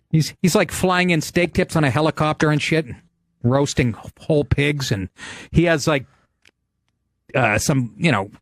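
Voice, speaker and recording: A middle-aged man hosting a podcast, telling stories in a brash, profane, animated way. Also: fairly high pitch, dry recording, clean studio sound. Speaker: podcast host, comedian. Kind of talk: casual podcast chat.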